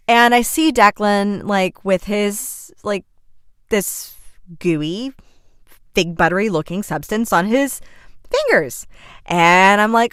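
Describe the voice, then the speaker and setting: A woman hosting a podcast, telling a personal story in a chatty, animated way, full of fillers and self-corrections. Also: medium pitch, unhurried, smooth, no room sound, clean studio sound. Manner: animated, vivid storyteller who acts out scenes. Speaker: podcast host and coach. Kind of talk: casual storytelling monologue.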